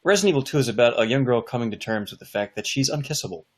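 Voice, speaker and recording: A man's voice: medium pitch, lively intonation, rapid-fire. Man cracking crude sarcastic jokes. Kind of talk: casual chat.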